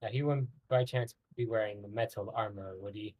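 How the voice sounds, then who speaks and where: A man playing a tabletop game, speaking slowly in a measured, flat way. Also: lowish voice, slightly rough. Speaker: player.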